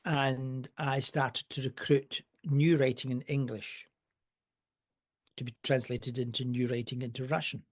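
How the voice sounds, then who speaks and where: An older man, a podcast guest telling rambling, wry anecdotes with asides. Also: mid-range voice. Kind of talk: casual storytelling.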